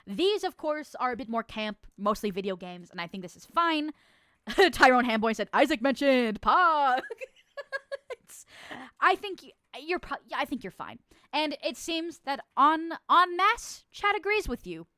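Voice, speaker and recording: A woman's voice: sits high, big pitch swings, measured pace, sharp tone, no room sound, clean studio sound. A woman streamer playing a nun who hears chat's confessions, swinging between mock-solemn verdicts and profane, laughing banter. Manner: laughs often.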